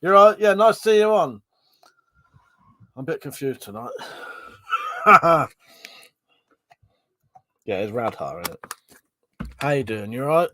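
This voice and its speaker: A man's voice: mid-range voice, sing-song, measured pace, pauses often, bright, forceful tone. A man hosting a casual live stream, reading out chat comments, rambling and swearing, short of breath and yawning. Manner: chatty, swearing, reads chat aloud and rambles.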